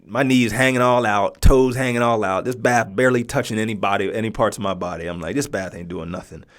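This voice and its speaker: A forties-aged man with a lowish, slightly bright voice talks quickly as he hosts a podcast. He relates a personal story conversationally, regularly checking in with "right?"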